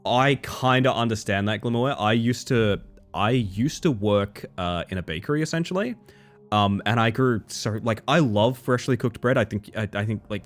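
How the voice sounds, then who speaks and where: A man streaming live and chatting casually with his viewers, animated, often breaking into high squeals and laughter. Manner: chatty, thanks viewers warmly.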